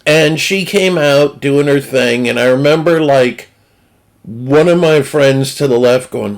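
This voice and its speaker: In a medium-pitched voice and at a measured pace, a Northeastern US man casually tells a crude, funny story, wandering off track and interrupting himself along the way.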